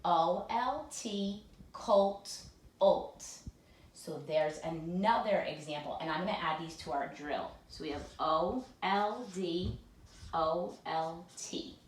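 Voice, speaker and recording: Slow, deliberate woman teaching phonics. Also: deep voice, distant mic. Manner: slow, clear letter-by-letter spelling and drilling. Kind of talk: phonics lesson for children. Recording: echoey room with faint noise.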